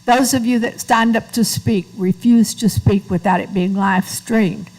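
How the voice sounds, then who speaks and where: A woman's voice: medium pitch, steady tone, measured pace, a little mellow, low-quality recording. A woman chairing a school board meeting, matter-of-fact and procedural as she calls on speakers.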